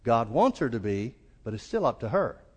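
Preaching with big pitch swings at a moderate pace, this Southern American pastor has a darkish, husky voice and a folksy manner. He raises his pitch to act out quoted lines, and long church-hall reverb fills the recording.

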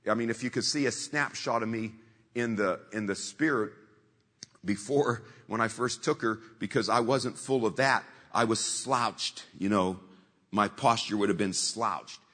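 A man's voice: lowish voice, unhurried, fairly bright tone, slightly rough, big-room sound. A man preaching a sermon in a conversational storytelling way, repeating scripture lines for emphasis.

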